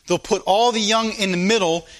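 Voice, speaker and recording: A man preaching a sermon in a church as a pastor, swinging between loud emphasis and quiet asides, repeating phrases for emphasis. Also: sits high, steady tone, normal speed. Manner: informal spoken grammar, repeats phrases for emphasis.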